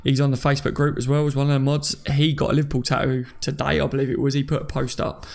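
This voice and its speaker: A man's voice: medium pitch, flat delivery, fast, gravelly, a little mellow. A young English man from near London, hosting a live stream and chatting casually while he reads viewer comments, joking and laughing often. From England.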